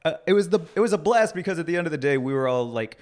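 A man's voice: fairly high pitch, expressive, very fast, a little mellow. A man, a guest on a casual chat, recalling a cooking show in an easygoing way.

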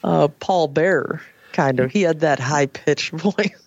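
A woman hosting a late-night call-in radio show, chatty and animated, with playful asides. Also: low voice, a little slow, no room sound, highs cut off. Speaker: radio talk show host. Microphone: headset.

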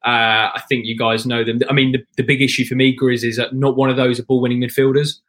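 A man holds forth as a guest in a casual podcast chat, long-winded and restarting his sentences often. His voice sits at an ordinary middle pitch. He clears his throat now and then while he talks. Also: flat delivery, fast talker, fairly bright tone. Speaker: guest football fan.

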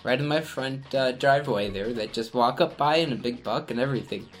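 A man hosting a podcast in casual, relaxed chat, chuckling often. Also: medium pitch, a little fast, soft background music. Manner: relaxed, chuckling, with frequent restarts. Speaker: podcast host.

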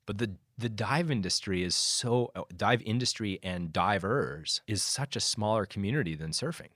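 A man speaking as a conservation guest in a casual conversation, animated and often restarting his sentences. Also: on the low side, moderate pace, no echo, clean studio sound. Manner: animated, many restarts and fillers.

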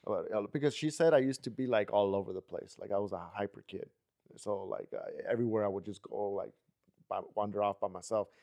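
A young man with a Mexican-American accent, co-hosting a podcast in a relaxed, rambling way. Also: lowish voice, fairly quick, creaky. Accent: Mexican-American English. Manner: relaxed, drifting, full of fillers. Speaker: podcast co-host. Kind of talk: casual chat.

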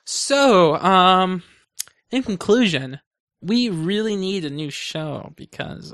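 Young guy hosting a podcast, bright punchy voice, rambles and ums a lot. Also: high-pitched, lively intonation, slow pace. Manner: rambling, hesitant, lots of ums. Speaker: podcast host. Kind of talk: casual chat.

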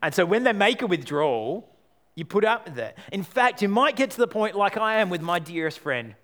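A man preaching a sermon, animated, acting out quoted voices and moving between loud lines and hushed ones. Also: high voice, fairly quick. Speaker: pastor.

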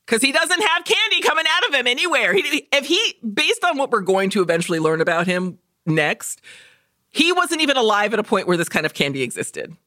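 A woman's voice: a little high, brisk, no echo, clean studio sound. A woman co-hosting a podcast, retelling a movie in casual chat, swearing freely and acting out the characters' lines for laughs. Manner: profane, animated storytelling with jokey quoted voices. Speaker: podcast co-host.

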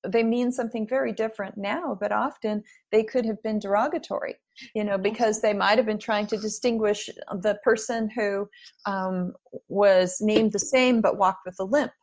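A middle-aged woman being interviewed as an author, chatting in a lively, storytelling way and laughing often. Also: medium pitch, normal speed. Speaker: guest author. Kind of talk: casual interview chat.

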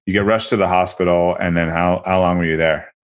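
A man with a very deep voice hosts a casual interview. He talks in a loose, halting way and often stops to restart his sentences. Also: clean tone. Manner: relaxed, halting, with many restarts. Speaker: podcast host.

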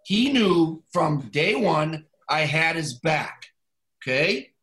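A man's voice: on the high side, very animated, takes it slowly, a bit bright. A man in his sixties, a former football coach, telling a story in a casual podcast chat and acting out both sides of a phone call.

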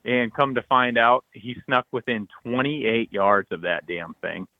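A man co-hosting a podcast, telling an excited hunting story full of acted-out quotes and loud bursts. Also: mid-range voice, unhurried, no room sound, phone-quality sound. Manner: animated, loud bursts, frequent "like", acts out texts and quotes.

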